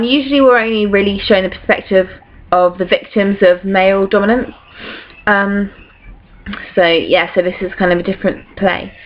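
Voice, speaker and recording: A chatty teenage girl talks through her study notes at a middling pitch, scattering "um" and "like" as she goes. The sound is dull and lo-fi, like a basic home recording. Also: a little hiss or hum. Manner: chatty, filler-heavy, acts out quotes in playful voices. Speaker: student revising for exams. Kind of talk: casual revision talk to camera.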